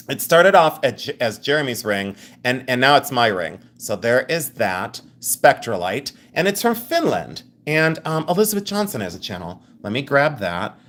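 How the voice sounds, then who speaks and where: Animated, giggly male live-sale host. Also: mid-range voice. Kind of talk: live-stream sales chat.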